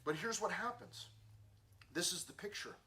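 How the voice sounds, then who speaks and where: A man teaching a Bible lesson to a youth group in a casual, lively way, acting out the dialogue as he tells the story. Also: sits high, normal speed. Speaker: youth pastor. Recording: distant mic with faint room ambience.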